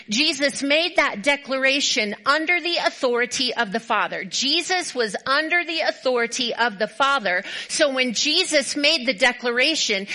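A woman pastor preaching a sermon, telling a story with animated emphasis and repeated build-up phrases. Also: a little high, poor audio. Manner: animated storytelling, acts out quoted voices; repetitive emphatic build-ups.

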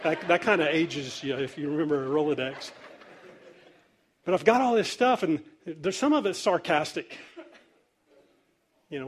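A man's voice: on the high side, moderate pace, pauses often, slight background noise. A man preaching a sermon as pastor, telling stories in a loose, conversational way with easy laughter. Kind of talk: sermon storytelling.

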